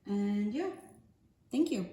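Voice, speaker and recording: A woman's voice: medium pitch, lively intonation, takes it slowly, dark tone. Rambling woman reading oracle cards. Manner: loose, rambling, slangy chat. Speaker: spiritual card reader. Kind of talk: casual oracle card reading. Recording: echoey room with faint ambient noise.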